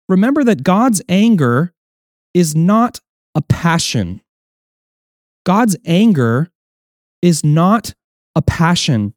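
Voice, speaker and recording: A man's voice: sits high, darkish tone, dry recording, studio quality. A man preaching a sermon as pastor, explaining earnestly, with restarts, and acting out quoted voices.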